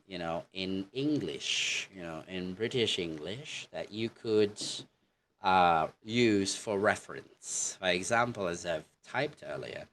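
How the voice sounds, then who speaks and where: A man teaching an online English lesson in a relaxed way, with many fillers and demonstrations of how words are pronounced. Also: low-pitched, slight background noise.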